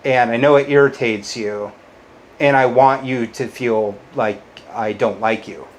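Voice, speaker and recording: Combative male YouTuber, mid-range voice, resentful rant, loud jumps and muttered low insults. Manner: bitter, combative, swears a lot. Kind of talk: ranting to-camera monologue.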